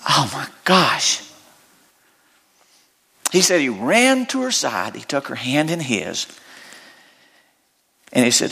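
A man preaching a sermon as pastor, with big swells of emotion and soft, tender storytelling that comes close to tears. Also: big pitch swings, slow, vocal fry, pauses often, husky. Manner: preaching with big rises in pitch, then dropping soft and low for a story.

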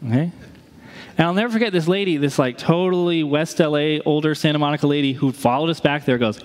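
Guy pastor w a high voice, animated storytelling sermon, big hall reverb. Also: moderate pace, long pauses.

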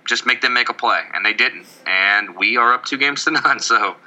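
A man's voice: mid-range voice, measured pace, noisy background. A man co-hosting a casual baseball podcast, rambling and joking with frequent stammered restarts. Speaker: podcast co-host. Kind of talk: casual sports chat.

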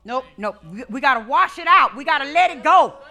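Fervent woman preacher leading call-and-response, bright edgy tone, drops to a hush then shouts. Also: high voice, lively intonation, fairly quick. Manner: fervent, rhythmic, repeats phrases, swings from hushed to shouting.

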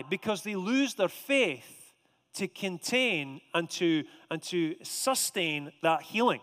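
High-voiced preacher in a reverberant hall. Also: male voice, a bit bright. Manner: conversational storytelling, emphatic slow stresses. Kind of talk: sermon.

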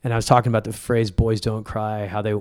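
A man's voice: on the low side, little pitch movement, quick pace, a little mellow, clean tone, dry recording, clean studio sound. A male comedian in casual conversation, telling personal stories and acting out the dialogue. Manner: storytelling, acts out quoted dialogue. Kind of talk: casual podcast chat.

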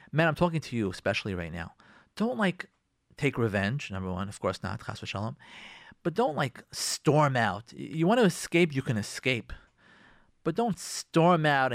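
A man hosting a radio show, giving marriage advice in an animated way and acting out arguing spouses. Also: mid-range voice, no echo, studio quality. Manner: lively, acts out quoted spouses in raised voice.

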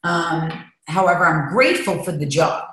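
A woman being interviewed speaks in a slightly low, earnest voice, confessional and emphatic, pressing hard on what matters to her. She is recorded in a treatment center, and a heavy room echo hangs on every word. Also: normal speed, fairly bright tone. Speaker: interview guest. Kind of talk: candid interview talk. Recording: very echoey room.

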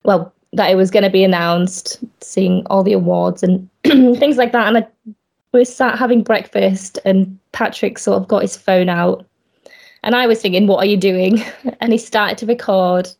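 A woman's voice: mid-range voice, fairly even intonation, moderate pace, gravelly. A woman with a light Yorkshire accent, a guest on a podcast, talking in a modest, friendly way. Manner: modest, friendly, with soft laughs. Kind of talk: casual interview chat.

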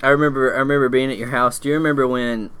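A man's voice: mid-range voice, steady tone, very fast, fairly bright tone, smooth. A man in casual chat who laughs a lot and reminisces with an old friend. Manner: giggly, reminiscing.

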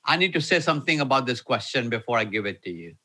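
A man preaching to an online audience, repeating key lines slowly and emphatically. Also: medium pitch, sing-song, pushed and bright, husky. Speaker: pastor. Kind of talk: sermon with live Q&A.

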